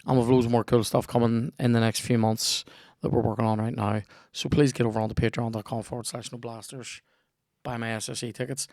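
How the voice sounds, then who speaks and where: A man's voice: mid-range voice, level tone, fairly quick, a little mellow, no room sound, studio quality. A young man with a Northern Irish accent hosting a podcast, rambling cheekily through ad reads and casual chat, swearing freely. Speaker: podcast host.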